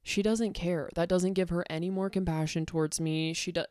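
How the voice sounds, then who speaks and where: Angry swearing woman, low dry voice. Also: fairly even intonation, normal speed, hardly any pauses, darkish tone, no echo. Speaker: content creator. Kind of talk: ranting monologue to camera.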